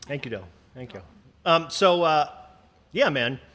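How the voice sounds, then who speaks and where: A man hosting a livestream, ranting in a casual, profane, animated way with sarcastic asides. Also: a little high, unhurried. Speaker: livestream host.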